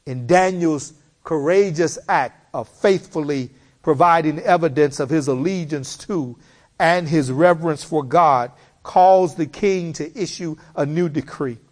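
Slow, emphatic male preacher. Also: fairly high pitch. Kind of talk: sermon.

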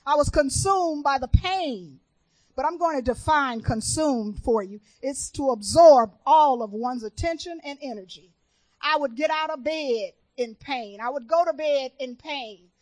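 A woman from Chicago delivers a sermon in a high voice. She preaches with earnest, testifying feeling and takes her time, swinging from hushed to emphatic. The sound is close and dry. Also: expressive, unhurried, dry recording, low-quality recording. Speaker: minister.

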